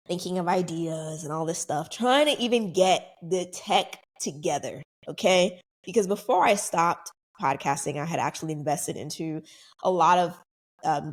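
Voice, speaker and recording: Chatty young woman podcast host. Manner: chatty, animated, acts out quoted voices higher. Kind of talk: casual solo storytelling.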